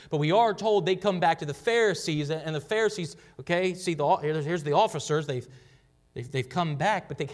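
A man preaching a sermon, emphatic, repeating phrases for weight and sometimes dropping to a whisper. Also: on the high side. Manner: emphatic, drops to a whisper for quoted words; repeats and restarts phrases while building emphasis. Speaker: pastor. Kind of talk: expository sermon.

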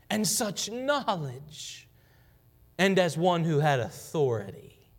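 A man preaching a sermon, emphatic, repeating phrases for weight and sometimes dropping to a whisper. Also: sits high. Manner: emphatic, drops to a whisper for quoted words; repeats and restarts phrases while building emphasis. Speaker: pastor. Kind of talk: expository sermon.

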